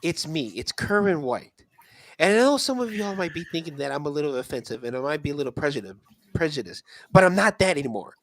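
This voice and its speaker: A man's voice: on the high side, big pitch swings, quick pace, a bit bright, a little hiss or hum. A man playing a smug reformed food reviewer.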